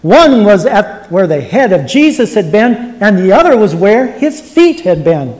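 A pastor preaching to a congregation, retelling a Bible story in the first person and building to shouted praise. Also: medium pitch, very animated, a little slow. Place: church before a congregation. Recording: echoey church hall.

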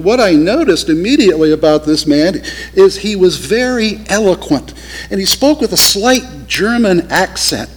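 A male pastor telling a story in a sermon, earnest and slowing down for emphasis. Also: fairly high pitch, lively intonation, poor audio.

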